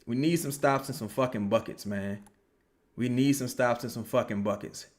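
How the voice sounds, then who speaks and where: A young man giving casual, profane live reaction commentary on a basketball game, answering viewer questions and yelling at plays. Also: mid-range voice, normal speed. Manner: profane, animated, yells at plays. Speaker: live game watch-along streamer.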